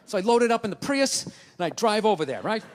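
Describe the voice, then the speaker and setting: A man doing a stand-up comedy set on stage, ranting and profane, swinging between low mutters and shouts, with audience laughter. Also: very animated, fast. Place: large theater stage. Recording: live theater, long reverb, audience noise.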